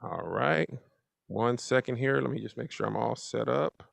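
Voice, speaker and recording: A man's voice: mid-range voice, normal speed, vocal fry, no room sound. A man hosting a talk show in a loose, joking way, introducing a guest and asking questions. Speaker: host.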